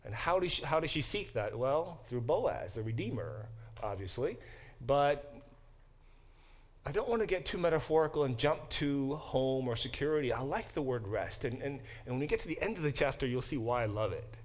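Animated and speaking at normal speed in a mid-range voice, a man teaches a Bible class at church. He keeps it conversational, regularly quizzes the class, and restarts often.

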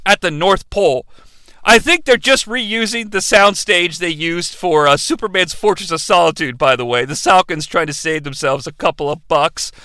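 A man hosting a comedic movie recap, joking and swearing freely in an animated rant. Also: sits high, clean tone, no room sound. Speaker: movie reviewer host.

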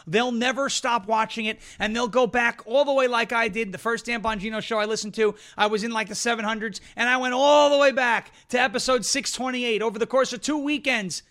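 Male live-stream host: high, bright, brash, mocking, restless topic-hopper. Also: fairly even intonation, fairly quick, few pauses. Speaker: show host. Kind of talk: live political commentary stream.

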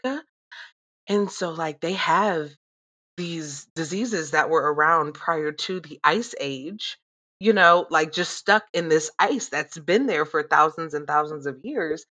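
A woman in her thirties chatting casually, animated and swearing freely as she vents and laughs. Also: low-pitched, measured pace. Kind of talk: casual profane chat.

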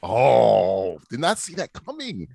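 Lively, laughing podcast host. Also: male voice, medium pitch, gravelly, soft background music. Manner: joking, quick to laugh, swears freely. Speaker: podcast host and draft commissioner. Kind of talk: casual podcast banter.

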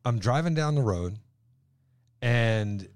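Easygoing mid-pitched podcast co-host. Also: male voice, expressive, slow, smooth, no room sound, clean studio sound. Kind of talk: casual conversation.

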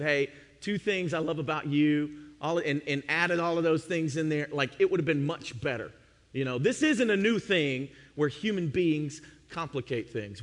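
Brief Young male pastor, fairly high voice, lively storytelling sermon, long hall reverb. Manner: animated storyteller, acts out his own past self. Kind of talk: sermon with a funny personal story.

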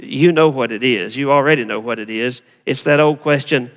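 A man's voice: medium pitch, brisk, hardly any pauses, big-room sound. A man preaching a sermon as a pastor, talking to the congregation in an easy, conversational way and often asking them questions.

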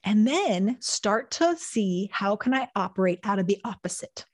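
A woman's voice: medium pitch, animated, normal speed. A woman hosting a talk on anxiety, explaining in an earnest, teaching manner and acting out quoted dialogue. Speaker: therapist host.

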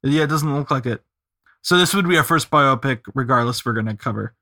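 A man's voice: medium pitch, animated, brisk, bright, forceful tone. A man co-hosting a film podcast, chatting casually, laughing often and trailing off mid-thought. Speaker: podcast co-host. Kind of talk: casual chat.

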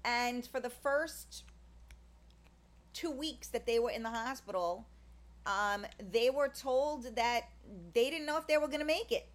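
A woman with a slightly high-pitched voice talks her way through a loose, rambling monologue. She piles up fillers and restarts and speaks bluntly, swearing in passing, as if chatting with friends. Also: a little slow. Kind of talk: casual monologue.

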